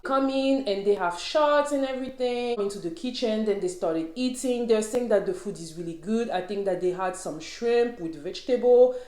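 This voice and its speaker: A woman's voice: a little high, a little mellow, echoey room. A young woman chatting casually as she recaps a reality show, opinionated and talking straight to her viewers.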